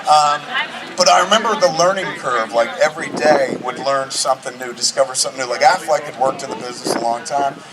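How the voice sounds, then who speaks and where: A man's voice: medium pitch, quick pace, hardly any pauses, over a noisy crowd. A man in his forties telling rambling, profane anecdotes to a live screening audience. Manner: rambling, profane, animated storyteller. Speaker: filmmaker guest at a screening Q&A. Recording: distant mic with audience noise.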